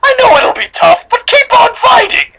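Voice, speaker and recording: A man's voice: very high-pitched, lively intonation, moderate pace, gravelly, heavy background noise, voice pushed up, exaggerated voice. A man voicing a cheerful, murderous female pony double in a sing-song, mocking tone. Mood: gleeful taunting.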